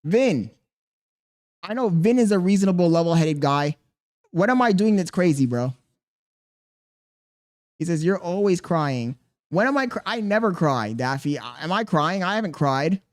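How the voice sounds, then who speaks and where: A man's voice: high-pitched, lively intonation, moderate pace, pauses often. A young man livestreaming, talking casually and defensively to his chat, rambling and firing questions back at them.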